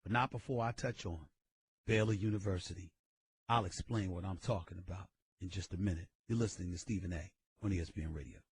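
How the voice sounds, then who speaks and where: A man hosting a sports radio show, ranting loudly and emphatically with frequent bursts of shouting into a studio mic. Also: low-pitched, fast. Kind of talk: opinionated sports radio talk.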